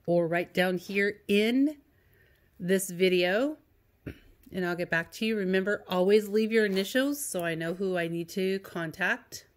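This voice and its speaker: A woman's voice: mid-range voice, a little slow. A woman teacher giving a recorded lesson to young students, patient, reading example sentences in a sing-song way.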